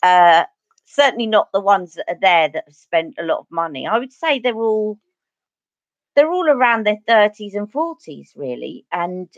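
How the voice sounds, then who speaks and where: A woman's voice: mid-range voice, sing-song, normal speed, no echo, muffled recording. A woman with an Essex accent chatting through a live makeup tutorial, answering viewer comments as she goes. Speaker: beauty vlogger.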